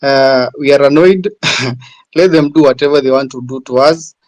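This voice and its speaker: A man's voice: mid-range voice, moderate pace, a little mellow, no room sound, poor audio. A man with a Kenyan English accent speaking earnestly in a live audio room, hesitant with fillers. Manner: earnest, hesitant with many uh's, mixing Swahili. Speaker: caller on a live audio space.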